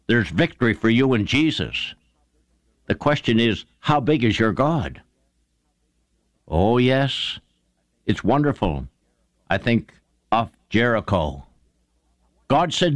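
Fervent preacher man with a lively voice. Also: slow pace, pauses often, dry recording. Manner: fervent storytelling preacher, swings pitch up for emphasis; addresses listeners as friends. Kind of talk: sermon.

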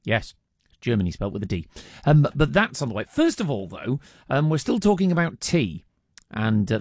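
Male radio host, casual studio chat, lively sing-song delivery, dry close mic, lots of ums. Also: lowish voice, no room sound. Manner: chatty, lots of ums and uhs, reads out listener texts. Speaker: radio presenter. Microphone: studio microphone.

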